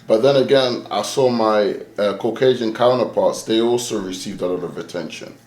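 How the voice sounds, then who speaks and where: A young man from London with a London accent, a guest telling animated stories in a casual interview. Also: on the low side, normal speed, roomy sound. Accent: London English. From London, England. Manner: animated storyteller, acts out quoted voices.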